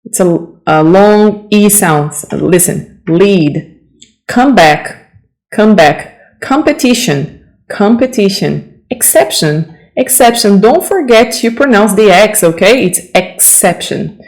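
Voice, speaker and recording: A woman's voice: mid-range voice, lively intonation, slow pace, darkish tone, rough recording. A woman teaching English vocabulary, saying each word twice with careful pronunciation and stopping to correct common mistakes. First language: Portuguese. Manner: corrective, checks in with "okay?".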